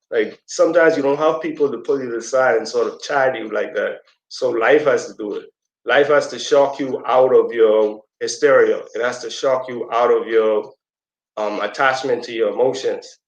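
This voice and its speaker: Speaking at normal speed to a community audience, this man gives a casual teaching talk built around a story, wandering through fillers and asides. For quoted characters he sometimes switches to a squeaky, high voice. A roomy echo fills the recording.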